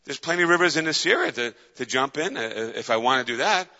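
A man's voice: mid-range voice, lively intonation, quick pace, pushed and bright. A man voicing a proud army commander who is outraged and huffy, in a sermon retelling. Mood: indignant. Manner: outraged, sputtering. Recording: dull lo-fi with long hall reverb.

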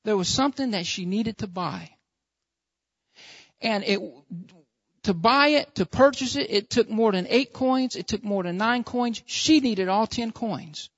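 A man's voice: high-pitched, a little slow, no room sound. A male pastor preaching a sermon, repeating his points and asking rhetorical questions. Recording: dull lo-fi dry recording.

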